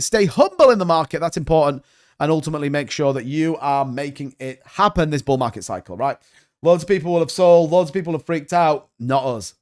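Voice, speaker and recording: Chatty man hosting a crypto stream. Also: high-pitched. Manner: chatty, rambling, jokey asides to chat. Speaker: crypto livestream host. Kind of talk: casual live-stream commentary.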